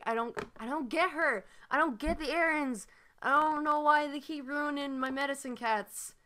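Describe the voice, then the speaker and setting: A woman's voice: high voice, normal speed, pushed and bright. A woman ranting in a frustrated, sighing way as she talks through her analysis, with lots of fillers. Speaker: fan analysis video maker. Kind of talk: ranting commentary.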